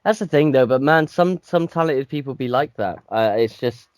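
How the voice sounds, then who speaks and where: A man's voice: mid-range voice, expressive, normal speed, a little mellow, dry recording, clean studio sound. A young man chatting casually on a podcast, agreeable and often chiming in. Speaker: podcast co-host. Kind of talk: casual chat.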